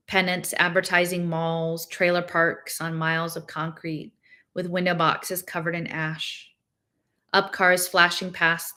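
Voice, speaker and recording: Woman with a lowish voice reading a novel aloud. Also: bright, forceful tone. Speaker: reader.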